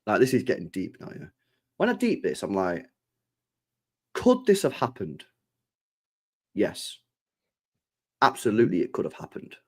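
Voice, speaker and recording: A man's voice: on the low side, unhurried, long pauses, husky. A man hosting a live football stream, swearing freely and acting out imagined conversations. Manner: swears freely, animated, acts out imagined dialogue. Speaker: football channel host.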